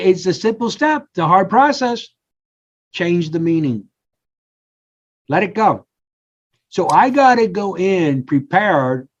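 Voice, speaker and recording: Older male podcast guest, lively storyteller, slightly muffled lo-fi sound. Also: high voice. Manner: animated storyteller, acts out quotes. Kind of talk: casual interview talk. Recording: slightly dull lo-fi audio.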